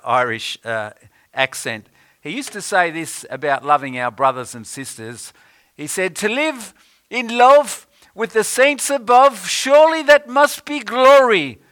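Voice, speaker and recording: A man delivering a sermon at an unhurried pace, pausing often with hesitant fillers. His voice sits a little high and rings bright and forceful. He quotes scripture in old-fashioned wording. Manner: unhurried, many "uh" pauses, quotes scripture in King James wording. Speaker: preacher.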